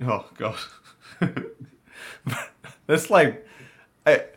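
A man's voice: a little high, lively intonation, extremely slow, a bit bright. A man with a New Zealand accent, co-hosting a podcast in a laid-back, swearing, storytelling way. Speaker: podcast co-host. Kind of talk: casual podcast chat.

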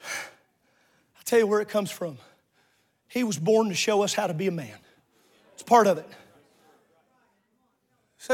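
A man preaching a sermon as a pastor, calling out to the congregation and shouting at the peaks. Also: sits high, expressive, a little slow, pauses often, husky.

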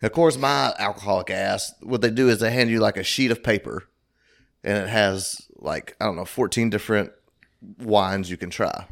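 A man with a slightly low voice tells a rambling, profane anecdote in casual podcast chat. He drifts from one detail to the next and swears freely along the way. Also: normal speed, gravelly, fairly bright tone. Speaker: podcast co-host.

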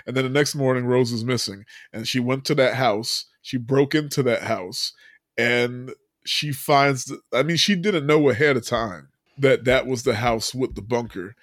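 A man's voice: mid-range voice, moderate pace, fairly bright tone, no echo, clean studio sound. Chatty man retelling a movie. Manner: loose storyteller, many fillers, laughs often. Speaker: podcast host. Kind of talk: casual movie recap chat.

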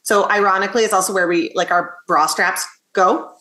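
A woman podcast host explaining ideas to her guest in a calm, teacherly way. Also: mid-range voice, brisk. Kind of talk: interview conversation. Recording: roomy echo.

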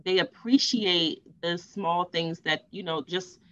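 Animated woman telling a workplace story. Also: fairly low pitch, slow pace, no room sound, lo-fi sound. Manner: animated, acts out quoted voices. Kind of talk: casual storytelling chat.

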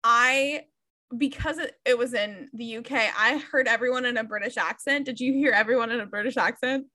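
A woman's voice: fairly high pitch, a little fast, pushed and bright. A young woman co-hosting a podcast, chatting candidly about a book, laughing often and swearing freely. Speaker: podcast co-host. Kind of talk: casual book chat.

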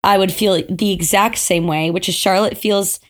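A woman's voice: mid-range voice, steady tone, moderate pace. A woman co-hosting a casual TV recap chat, laughing often and retelling scenes with animation. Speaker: podcast co-host.

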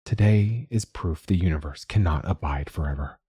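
A man's voice: sits low, slightly rough, dry recording, clean studio sound. A man voicing an ancient weary machine curator. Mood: resigned. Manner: calm, polite, measured. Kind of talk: audiobook reading.

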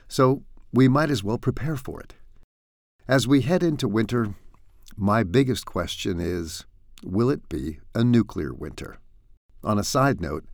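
A man's voice: fairly low pitch, gravelly, darkish tone, no room sound. A man delivering satirical news commentary in a dry, sardonic way, full of wry asides. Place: home in France.

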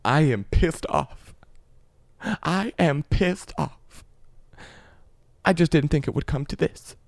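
A man's voice: on the high side, fairly even intonation, quick pace, vocal fry, a little mellow, no room sound, clean studio sound, pitched above the performer's own voice. A man doing a jilted young woman's voicemail. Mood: furious. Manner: pleading then snapping, repetitive.

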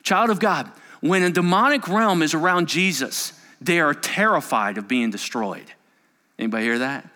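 Man preaching, bright forceful voice, animated swings from loud to hushed, long hall reverb. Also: on the high side, normal speed. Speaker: pastor. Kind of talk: sermon.

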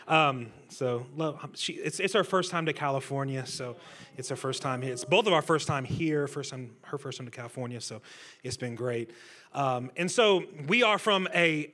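Guest preacher, man, bright forceful tone, slightly high voice, jokes with the room. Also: moderate pace. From Centralia, Illinois. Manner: energetic, joking, talks with the crowd. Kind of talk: sermon. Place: church stage before a congregation.

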